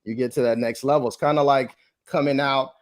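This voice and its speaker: A man's voice: medium pitch, steady tone, a little fast, dry recording. A man on a spiritual panel, talking reflectively and working through analogies with many fillers. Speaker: panel guest.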